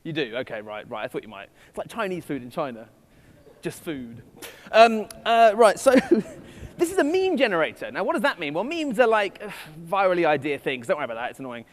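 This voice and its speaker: On a festival stage in a large hall, a conference speaker with an English accent delivers a keynote to a live crowd. His fairly high voice swings widely in pitch and moves briskly, and his asides are playful and self-deprecating. Long reverb fills the recording.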